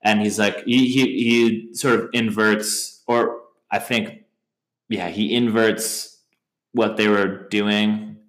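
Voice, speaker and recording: A man co-hosting a film podcast, chatting casually and haltingly, often breaking into high-pitched impressions of movie lines. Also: fairly even intonation, a bit bright, roomy sound. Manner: rambling, hesitant, acts out movie lines in high voices. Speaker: podcast co-host.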